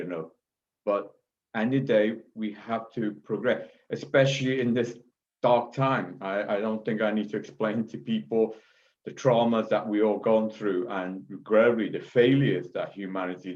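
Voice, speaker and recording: A man of Chinese origin giving an emphatic lecture, repeating himself and checking in with frequent asides. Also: fairly low pitch. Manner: forceful, repetitive, frequent "okay?" asides. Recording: dull lo-fi audio.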